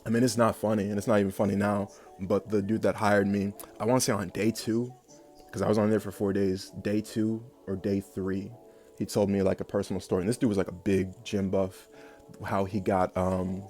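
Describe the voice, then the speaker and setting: A man's voice: on the low side, little pitch movement, fairly quick, darkish tone, faint music behind. A young man telling a long personal story in a casual, rambling way, full of fillers and bursts of laughter. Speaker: vlogger.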